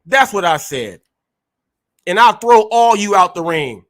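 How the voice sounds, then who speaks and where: Ranting fiercely on his live stream, the California host uses street slang and a confrontational edge. His high-pitched voice is very animated and fairly bright, with a slightly slow delivery.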